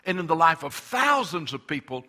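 An older pastor delivers an impassioned sermon at normal speed, very animated throughout. His slightly high voice rings bright, he stumbles over restarts, and he presses hard on the key words.

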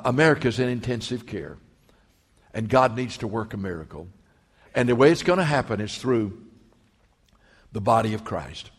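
A man's voice: mid-range voice, breathy edge. A man preaching a sermon as pastor, emphatic, rising and dropping his voice for effect. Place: church sanctuary. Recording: long hall reverb.

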